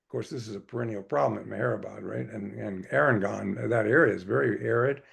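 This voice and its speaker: A man's voice: fairly low pitch, quick pace, creaky, hardly any pauses, fairly bright tone, husky. A man telling a story at a devotional gathering in a rambling way, with many fillers and restarts. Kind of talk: anecdotal storytelling presentation.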